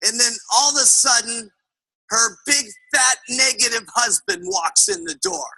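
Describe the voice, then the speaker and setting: A man giving a presentation over a video call, telling a story in an animated way and acting out all of the characters himself. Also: very high-pitched, a little slow, gravelly, husky, rough recording.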